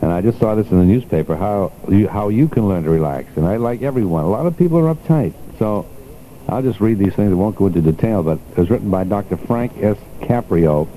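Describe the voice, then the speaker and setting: A man's voice: fairly low pitch, animated, brisk, dark tone, a little hiss or hum, poor audio. Older man hosting chatty radio talk. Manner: chatty, laughing, reads items aloud. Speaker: radio host. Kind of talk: casual radio chat.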